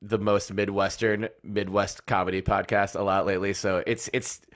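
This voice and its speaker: A man's voice: lowish voice, level tone, moderate pace, a bit bright. A man co-hosting a casual sports podcast, joking and rambling, often breaking into laughter. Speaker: podcast co-host.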